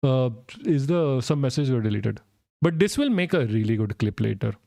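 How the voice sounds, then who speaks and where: A man's voice: medium pitch, lively intonation, normal speed, creaky, mellow, no room sound. Sarcastic young male streamer, dry mic. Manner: sarcastic, swearing, laughing in disbelief. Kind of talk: live-stream commentary reacting to news.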